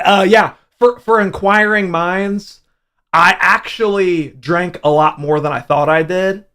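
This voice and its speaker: A young man hosting a casual livestream, telling a profane, animated story about his hangover. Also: a little high. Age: young adult. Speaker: livestream host.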